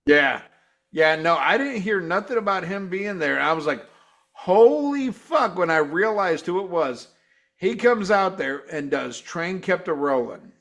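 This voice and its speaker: A man hosting a casual live review chat, swearing freely and getting excited. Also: on the high side, moderate pace, gravelly. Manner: profane, excitable, mimics guitar sounds. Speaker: show host.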